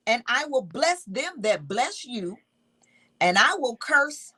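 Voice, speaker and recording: Slow, bright-voiced woman teaching scripture. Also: a little high, very animated, husky, poor audio. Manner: emphatic, repeats key words, reads scripture aloud. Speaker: Bible teacher. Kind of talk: informal Bible teaching.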